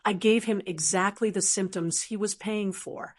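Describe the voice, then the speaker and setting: A woman narrating a dramatic first-person story in a measured, scripted way. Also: mid-range voice, steady tone.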